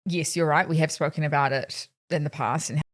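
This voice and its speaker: A woman's voice: low voice, fairly even intonation, fairly quick. A young woman co-hosting a podcast, rambling through anecdotes and acting out bits of dialogue. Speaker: podcast co-host. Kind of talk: casual chat.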